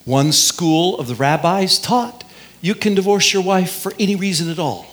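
A male pastor preaching a sermon in a lively way, drawing out key phrases and leading the congregation in call and response. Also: sits high, normal speed. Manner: lively, drawls out key phrases, has the congregation repeat lines.

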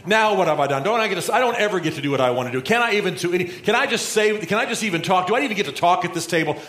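Man doing a whiny teenage boy, fed-up little brother, high complaining voice, echoey room. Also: lively intonation, very fast, a bit bright. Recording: roomy echo.

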